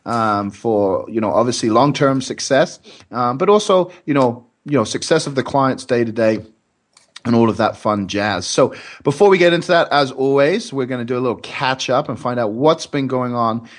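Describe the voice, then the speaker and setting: A man's voice: mid-range voice, lively intonation, moderate pace. Chatty male podcast co-host. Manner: friendly and loose, with many ums and uhs. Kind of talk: casual podcast chat.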